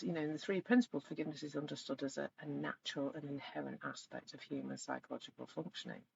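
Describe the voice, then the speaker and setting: A middle-aged woman coaching in a live online session, speaking reflectively and gently and growing animated when she retells stories. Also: sits low, vocal fry, breathy edge. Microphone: video call. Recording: slightly dull lo-fi sound with faint noise.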